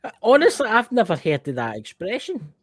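A man's voice: high-pitched, brisk, slightly rough, no echo. A Scottish man from Scotland co-hosting a podcast, chatting casually with lots of exclaiming and restarts. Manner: animated, exclaiming, many restarts. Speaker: podcast co-host. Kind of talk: casual chat.

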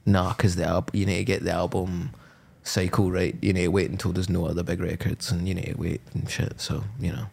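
Gravelly-voiced jokey man. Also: low voice, flat delivery, a little mellow. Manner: jokey, playful, quick to laugh. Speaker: podcast co-host. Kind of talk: casual chat.

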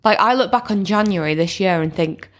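A woman's voice: medium pitch, fairly quick. A young woman co-hosting a podcast in casual chat, telling stories in a chatty way. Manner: chatty storyteller. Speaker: podcast co-host.

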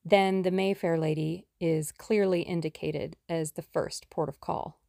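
A woman's voice: low-pitched, fairly even intonation, unhurried, creaky, mellow, dry recording, clean studio sound. A woman voicing a confident, jaunty young man in an audiobook, breezy and teasing. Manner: breezy, self-assured and teasing. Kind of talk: audiobook character reading.

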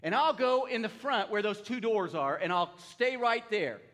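High bright-voiced older male preacher. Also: moderate pace. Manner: storytelling, asks the congregation for responses. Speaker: pastor. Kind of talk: sermon.

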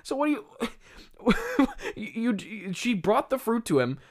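A man's voice: very high voice, big pitch swings, takes it slowly. Rambling, stammering man. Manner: rambling and stammering, with amused asides. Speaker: podcast host reviewing a script. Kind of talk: casual commentary.

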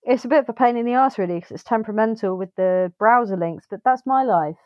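A woman's voice: fairly high pitch, fast, a little mellow, no echo. Swearing woman, dull dry sound. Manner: swears freely, acts out quoted reactions. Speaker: podcast co-host. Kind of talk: casual film review chat.

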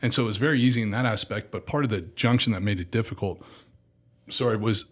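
A man in his thirties telling animated stories as a guest, acting out quotes and saying "dude" a lot. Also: on the low side, fast. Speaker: guest, former military contractor. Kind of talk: casual storytelling.

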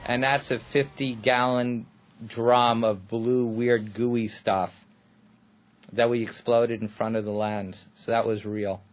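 A mid-pitched man talks through a film commentary, explaining how scenes were shot and telling stories from the set. The recording is dull and lo-fi, with the top end rolled off. His tone is steady and explanatory. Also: slow. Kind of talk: anecdotal commentary.

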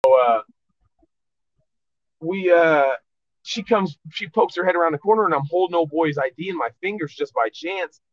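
A man's voice: fairly high pitch, normal speed, long pauses, no echo. A man, a podcast guest, telling a rambling, profane story in casual chat. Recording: dull lo-fi dry sound.

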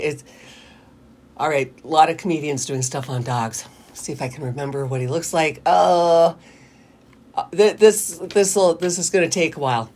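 A middle-aged woman hosting a radio call-in show, chatty and rambling, laughing often. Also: deep voice. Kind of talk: casual radio chat. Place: radio studio.

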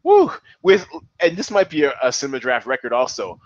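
Animated man hosting a podcast. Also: medium pitch, a little fast, no room sound. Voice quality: excitable, animated. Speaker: podcast host. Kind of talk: casual commentary. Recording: dull, slightly lo-fi, dry.

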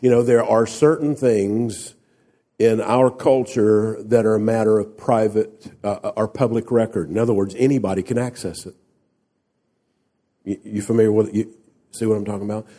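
A man's voice: on the low side, steady tone, normal speed, mellow. A man preaching a sermon, speaking emphatically and asking the congregation rhetorical questions. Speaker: pastor.

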